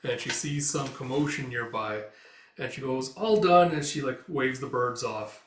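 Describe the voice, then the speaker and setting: A man's voice: mid-range voice, steady tone, normal speed, fairly bright tone. A man casually retelling a comic as a reader, rambling with lots of fillers. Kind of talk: casual comic read-through. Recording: roomy echo, mic far off.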